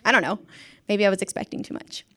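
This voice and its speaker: Fast and forceful, a young former schoolteacher spins a casual story with self-mocking humor, frequent laughter, and acted-out voices for the characters. Her mid-range voice has a bright tone.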